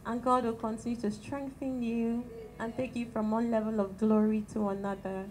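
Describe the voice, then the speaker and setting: Nigerian woman with a small soft voice. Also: on the high side, moderate pace, slight background noise, poor audio. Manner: calm and gentle, chatty with light laughs. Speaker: guest speaker at a women's church fellowship. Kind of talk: prayer and talk to a church gathering. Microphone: handheld microphone.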